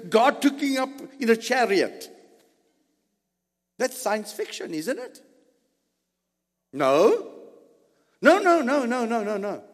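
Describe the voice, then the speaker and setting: Male preacher, sermon delivery, high and very lively pitch, unhurried, long hall reverb. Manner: animated, rhetorical questions to the congregation.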